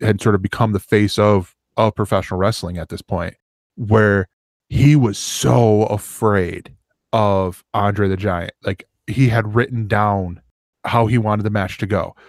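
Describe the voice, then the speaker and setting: A man's voice: on the low side, a little slow, no room sound, studio quality. A man co-hosting a podcast, telling a long rambling story in casual chat and acting out the quotes. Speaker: podcast co-host.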